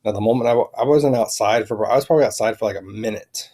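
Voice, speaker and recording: A man vlogs a rambling personal account, halting often and filling it with fillers and restarts. His voice is fairly low and mellow with a breathy edge.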